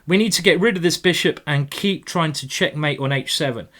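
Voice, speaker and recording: A man talks his way through fast chess games on a live stream. His voice sits fairly high, and he stays excitable and playful, teasing his opponent and calling out moves as he goes. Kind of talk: live commentary while playing blitz chess.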